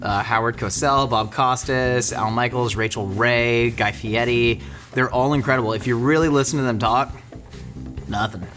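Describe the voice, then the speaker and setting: A man's voice: medium pitch, fairly even intonation, moderate pace, fairly bright tone, soft background music. A man hosting a cooking show, chatting in a jokey, rambling way while he cooks. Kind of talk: casual cooking chat. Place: studio kitchen.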